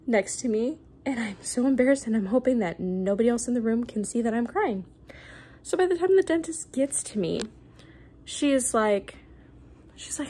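A woman's voice: on the high side, a little mellow. A young woman vlogger telling a personal story in a casual, rambling way, with many fillers and restarts.

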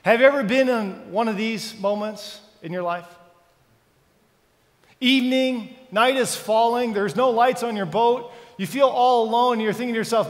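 A man's voice: very high voice, normal speed. A man preaching a sermon as pastor, dramatic and full of questions to the congregation. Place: church sanctuary. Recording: church hall reverb.

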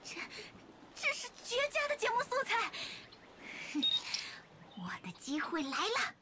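Sly, high-pitched scoop-hungry girl. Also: wildly swooping pitch, measured pace, heavy background noise, heavily acted. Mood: scheming. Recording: game clip with music behind.

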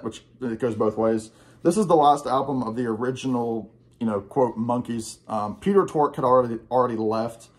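A young man rambles excitedly about the records he picked up, with plenty of ums and restarts. His voice sits at an ordinary middle pitch, and the talk is loose and conversational. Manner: rambling, enthusiastic, many fillers. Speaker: guest record collector. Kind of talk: casual chat about a record haul.

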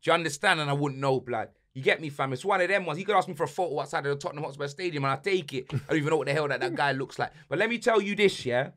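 A young man with a London accent, hosting a podcast and ranting heatedly about football, repeating slang tags and swinging between shouting and muttering. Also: fairly high pitch, very fast, hardly any pauses. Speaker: podcast host.

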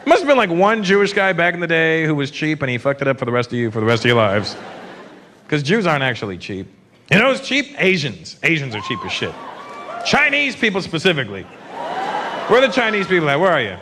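Brash stand-up guy roasting the crowd, high swoopy voice, big crowd laughing and noisy room. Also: very animated. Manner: brash, teasing crowd work with quick put-on voices. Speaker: stand-up comedian. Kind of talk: stand-up comedy set. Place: on stage in a large comedy venue. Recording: live show with crowd laughter and ambience.

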